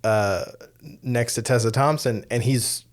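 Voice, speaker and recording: A man co-hosting a podcast, talking casually about films with lots of fillers and quick tag questions. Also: medium pitch. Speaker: podcast co-host. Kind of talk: casual film discussion.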